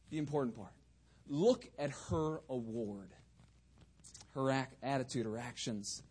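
A man preaching a sermon with fervour, swinging between loud bursts and quieter asides. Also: medium pitch, animated, moderate pace, breathy edge.

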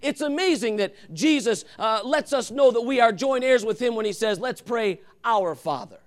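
A male pastor preaching a sermon, swinging from loud calls to hushed, intimate asides. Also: extremely high pitch, moderate pace.

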